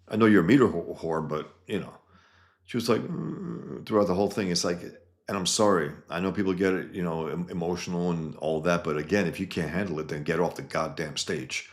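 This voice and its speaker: A man with a very low, deep voice talks in a blunt, heated way and swears often. He gives casual commentary and reads out comments from the internet. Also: steady tone, brisk.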